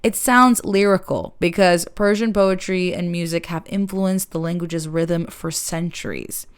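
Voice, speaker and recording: A woman giving a calm, measured lesson as an accent coach, explaining sounds step by step. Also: lowish voice, clean tone.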